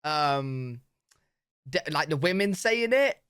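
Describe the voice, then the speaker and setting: A young British man reacting to video clips in a casual, excitable, slang-heavy way. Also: a little high, takes it slowly, clear, resonant tone, no room sound, studio quality. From Britain. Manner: excitable, slangy, says "bro" a lot.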